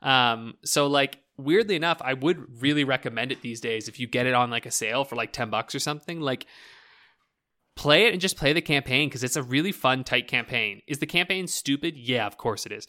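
A man's voice: medium pitch, fairly quick, bright, forceful tone. A man rambling about video games in a casual podcast chat, swearing freely, leaning on "like" and laughing often.

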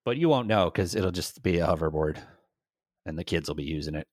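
Man co-hosting a podcast, animated. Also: deep voice, brisk, no room sound, clean studio sound. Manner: animated, acts out quoted voices. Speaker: podcast co-host. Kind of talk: casual chat.

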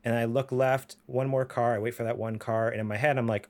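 A man co-hosting a casual gaming podcast. His voice sits at a middling pitch, and he rambles through stories with fillers and laughter. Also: steady tone, a little fast, darkish tone. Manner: rambling storyteller, laughs often, many fillers. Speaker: podcast co-host. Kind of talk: casual chat.

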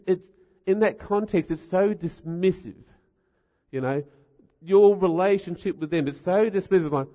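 In a reverberant hall with a dull sound, a middle-aged man gives a humorous sermon full of stories and wry rhetorical asides. His voice is high with a dark tone, at a normal speed.

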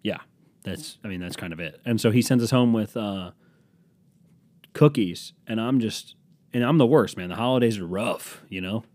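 A man's voice: on the low side, normal speed, darkish tone, no echo. A young man hosting a solo podcast, rambling in a jokey, self-deprecating way with some swearing. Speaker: podcast host.

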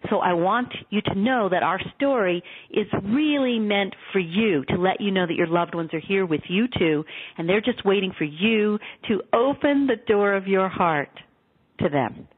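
A woman guest on a radio interview tells her stories in an earnest, animated way. Her voice is husky, and it comes through a tinny phone line. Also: medium pitch, normal speed. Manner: earnest, animated storytelling with quoted dialogue.

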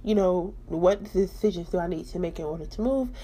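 A woman's voice: on the low side, brisk, warm tone, slight background noise. A young woman hosting her own podcast, talking candidly and emphatically about her faith and personal life. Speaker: podcast host.

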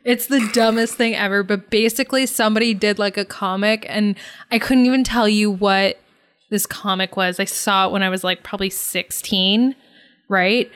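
A woman podcast co-host tells rambling stories, full of "like" and "right?", and pokes fun at herself. Her voice has a mid pitch for a woman, and she is recorded close on a podcast microphone. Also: fairly even intonation, moderate pace, a bit bright, clean tone. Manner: rambling, self-deprecating storytelling. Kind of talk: casual chat.

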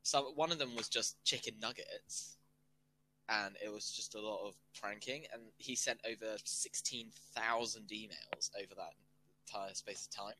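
Young man, bright tense voice, teasing banter, faint noise behind. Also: lowish voice, low-quality recording. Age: young adult. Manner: joking, teasing, quick comebacks. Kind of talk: casual chat.

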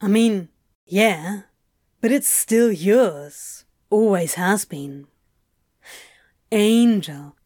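A woman's voice: medium pitch, drawn-out words, pauses often, mellow, no room sound, studio quality. A woman voicing a blunt, lovesick man who speaks earnestly and pleads.

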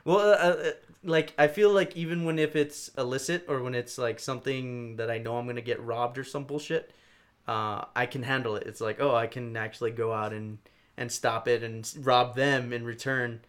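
A young man in casual chat, rambling through stories with lots of swearing, fillers and animated bursts. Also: mid-range voice, normal speed. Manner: rambling, profane, animated storytelling.

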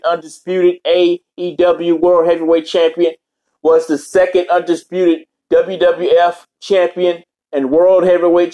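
A man with a slightly high voice rants casually, cursing almost every line. He rambles from one topic to the next in an animated, loose way. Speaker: vlogger. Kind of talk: casual profane rant.

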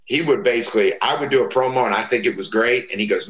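A man's voice: medium pitch, fast talker, highs cut off. A middle-aged man telling stories in casual talk, acting out the voices of the people he quotes. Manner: animated, acts out quoted voices. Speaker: guest. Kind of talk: casual storytelling. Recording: roomy echo.

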